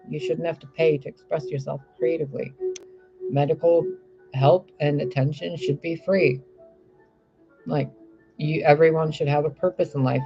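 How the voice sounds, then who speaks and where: Gravelly-voiced man rambling excitedly. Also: fairly high pitch. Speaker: spiritual reader. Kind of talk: casual rambling monologue. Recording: slightly muffled with faint music. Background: faint music.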